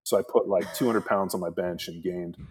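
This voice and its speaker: A man's voice: low-pitched, fairly even intonation, brisk, a crowd in the background. A man in his forties, a former pro football player, telling stories in a laid-back, rambling way full of fillers. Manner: laid-back, rambling with many "like" fillers, acts out quoted voices. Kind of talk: casual storytelling chat.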